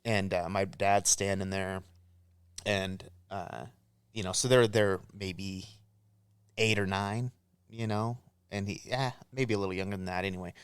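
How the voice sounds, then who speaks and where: Podcast co-host, male, low smooth voice, dry close mic, loose and profane. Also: steady tone, a little slow, no room sound. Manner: rambling storyteller, swears freely, laughs a lot. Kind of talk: casual chat.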